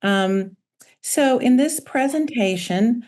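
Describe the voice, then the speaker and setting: A woman's voice: a little high, animated, a little mellow. Woman giving a medical webinar talk. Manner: measured, informative, reading from slides. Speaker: pediatrician presenter. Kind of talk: webinar lecture.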